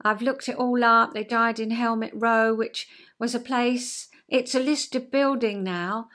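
Older southern english lady chatting away on her home vlog, rambly, lots of ums, voice sits a bit high. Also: steady tone, unhurried, fairly bright tone. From South East England. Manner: chatty and rambling, with frequent fillers and asides. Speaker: vlog host. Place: at home, indoors.

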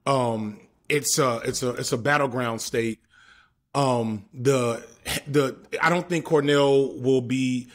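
A man's voice: mid-range voice, fairly even intonation, slow pace. A young man in a casual panel discussion, talking bluntly with many restarts and fillers.

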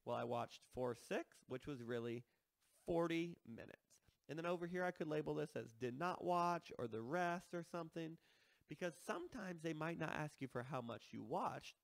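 A man's voice: a little high, gravelly, no echo. A man teaching a math lesson, explaining step by step and checking in with listeners as he works through problems.

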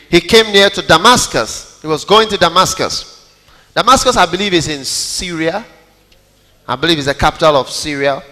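A male pastor preaches a dramatic sermon in a high, bright, forceful voice, dropping to near whispers and rising to loud calls as he acts out scripture. His words ring through a large church hall with a long reverb. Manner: dramatic, swinging from hushed to loud, acting out quotes.

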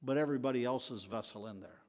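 An older man, the pastor, teaching a Bible study in a folksy preaching style, rising to emphatic bursts and then dropping to quiet asides. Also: medium pitch, fast talker. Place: church sanctuary. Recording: long echoey hall reverb.

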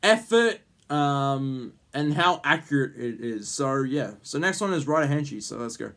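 A man's voice: mid-range voice, lively intonation, measured pace, a bit bright. A man hosting a casual vlog, rambling with lots of ums and jokey teasing. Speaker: YouTube host.

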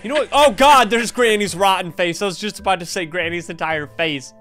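An excitable young man narrating a scary game as he plays, his voice sitting a little high. He jokes, reacts loudly and keeps the commentary rolling, with soft music underneath. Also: a little fast. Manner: excitable, jokey, exclaims often. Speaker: gaming video host.

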